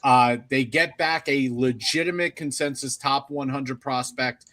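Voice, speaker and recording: A man co-hosting a casual sports talk stream, giving measured analysis. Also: mid-range voice, fairly even intonation, pushed and bright, dry recording. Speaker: co-host.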